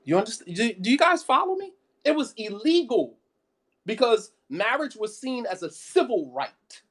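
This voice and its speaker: A man's voice: very high voice, big pitch swings, moderate pace, a bit bright. A man giving an impassioned sermon, firing off rhetorical questions and repeating phrases for emphasis. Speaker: preacher.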